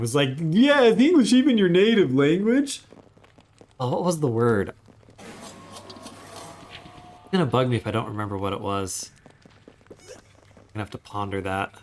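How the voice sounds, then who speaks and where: Guy streaming a game, rambly and chatty, lots of ups and downs in his voice. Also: medium pitch. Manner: chatty, rambling asides while playing. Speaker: gaming streamer. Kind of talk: casual livestream commentary.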